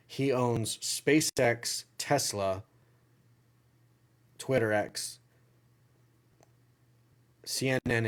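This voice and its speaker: Southern US man, livestream Q&A host, casual and rambling, circles back on his own phrases. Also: mid-range voice. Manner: rambling, repeats phrases and restarts.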